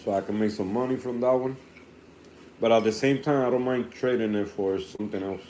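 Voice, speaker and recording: A young man with a low voice talks loosely in a home vlog. He rambles and restarts his sentences as he walks through his aquarium setup, with a faint hiss of room noise behind him. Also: a little fast, darkish tone. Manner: rambling, restarts often, talks while eating. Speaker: reef tank hobbyist vlogger. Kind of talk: casual vlog talk.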